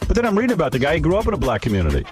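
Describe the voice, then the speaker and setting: A man's voice: a little high, wildly swooping pitch, rapid-fire, over music. A man hosting a radio interview in a brash, mocking, teasing way. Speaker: radio show host.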